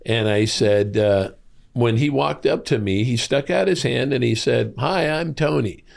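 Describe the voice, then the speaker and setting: Gravelly middle-aged man telling stories. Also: measured pace. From Iowa. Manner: animated, acts out quoted voices with big pitch jumps. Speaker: guest, hormone clinic co-founder. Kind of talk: casual storytelling interview.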